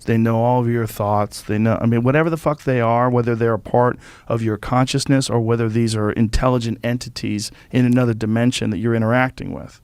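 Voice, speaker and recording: A man's voice: medium pitch, fairly quick, hardly any pauses, smooth, no room sound. A man hosting a podcast in casual chat, swearing freely and acting out voices when telling stories. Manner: profane, animated, acts out voices in stories. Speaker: podcast host. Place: podcast studio.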